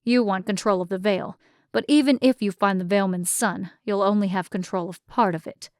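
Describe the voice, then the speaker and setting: A woman's voice: medium pitch, fairly even intonation, normal speed, no echo, close to an everyday voice. A woman voicing a loyal young male druid with a dry, wry way of speaking.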